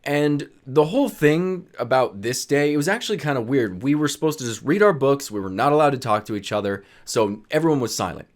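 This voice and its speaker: A young man casually telling funny stories from his high school days, acting out what his friends said and laughing as he goes. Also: brisk, few pauses. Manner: animated, laughs while telling, acts out friends' lines. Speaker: storyteller vlogger. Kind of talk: casual storytelling.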